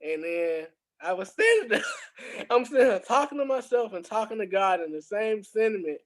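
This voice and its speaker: A man's voice: high-pitched, brisk, low-quality recording. A young adult man, a podcast guest, telling a story in casual talk, laughing often and acting out the dialogue. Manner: animated, laughs often, acts out quoted dialogue.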